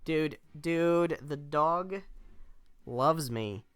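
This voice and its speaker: A man's voice: on the high side, extremely slow, a bit bright, clear, resonant tone, no room sound. A young man hosting a casual Let's Play video, joking around, swearing casually and laughing at the game. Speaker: gaming video host.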